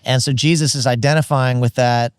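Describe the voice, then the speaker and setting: A man's voice: medium pitch, fairly even intonation, fairly quick, clean tone, no room sound, studio quality. A man co-hosting a casual Bible discussion podcast, earnest and teacherly as he explains the text. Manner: earnest, teacherly, explains Greek and verse context. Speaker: podcast co-host.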